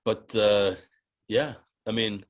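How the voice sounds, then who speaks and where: Animated lower-voiced man telling a story. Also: slow pace. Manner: animated and profane, many restarts, laughs mid-story. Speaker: guest. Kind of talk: casual storytelling.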